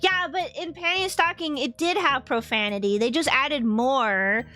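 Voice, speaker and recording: A young woman streaming and chatting casually with viewers in an animated way, laughing often. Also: high-pitched, moderate pace. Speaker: vtuber streamer. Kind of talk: casual livestream chat.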